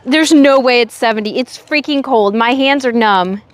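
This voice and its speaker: A young woman from Oregon chatting with her live chat while out in a windy park. She says she is sick and low on energy, but she keeps talking with a sassy edge. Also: normal speed, some chatter behind. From Oregon, USA. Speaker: livestreamer. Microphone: phone on a selfie stick.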